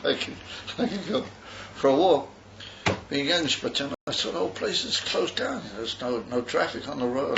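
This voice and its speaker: An older Australian man with a fairly high, creaky voice tells a meandering story at a yeshiva gathering, mixing in Yiddish words. He repeats himself and restarts as he rambles, and the recording is dull and noisy.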